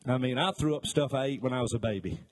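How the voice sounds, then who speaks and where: A man's voice: medium pitch, expressive, fast. A middle-aged male pastor preaching a sermon, telling folksy stories with jokes and acting out voices as he goes. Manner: folksy storytelling with jokes and asides; acts out voices in his stories.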